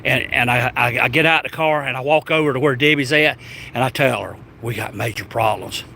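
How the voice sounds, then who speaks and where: A man's voice: medium pitch, fast, vocal fry, a little hiss or hum. Rambling Southern man telling a story. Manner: animated, rambling, stammering restarts. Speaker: travel vlogger. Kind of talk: casual storytelling.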